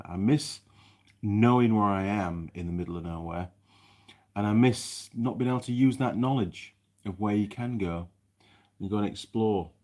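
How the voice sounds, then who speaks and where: Low-voiced chatty man. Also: warm tone. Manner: chatty and rambling, with many restarts. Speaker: live stream host, mechanic. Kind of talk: casual live chat reading viewer comments.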